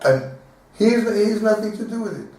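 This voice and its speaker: A man's voice: sits high, fairly quick. Rabbi guy giving a casual torah class, repeats himself a lot, far off mic in a big echoey room. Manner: animated, repeats words, acts out little dialogues with laughs. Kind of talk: informal Torah lesson.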